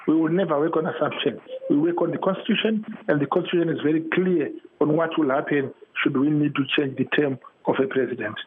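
A man's voice: on the high side, fast, hardly any pauses. A man, defending his party on a phone-in debate, hesitating with frequent ums and uhs. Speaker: ruling party defender guest. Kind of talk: political debate. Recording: tinny phone line with faint noise.

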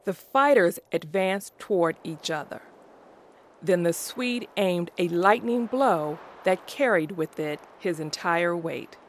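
A woman reading a classic story aloud as narrator, in a slow, deliberate way. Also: lowish voice, lively intonation, a little hiss or hum.

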